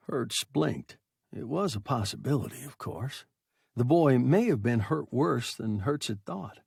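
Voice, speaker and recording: A man narrating a science fiction story in a measured, scripted audiobook reading. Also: medium pitch, very animated, gravelly, darkish tone, breathy edge, dry recording, studio quality.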